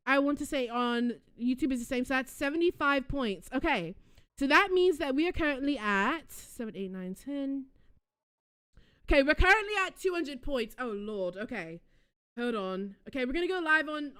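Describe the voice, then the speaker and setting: A young woman hosting a live stream, chatting casually with her viewers and breaking into excited shrieks and giggles. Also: high voice. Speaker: livestream host.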